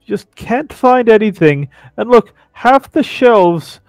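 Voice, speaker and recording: A man's voice: sits high, animated, slow pace, darkish tone, dry recording. A man giving casual, rambling game commentary with playfully sarcastic asides, with faint music behind. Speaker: let's play commentator.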